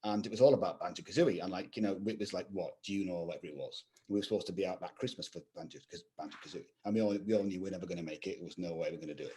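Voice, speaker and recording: A man's voice: low voice, rapid-fire, few pauses, dark tone. A middle-aged man, a guest video game composer, rambling through anecdotes with lots of "you know" fillers in casual chat. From England.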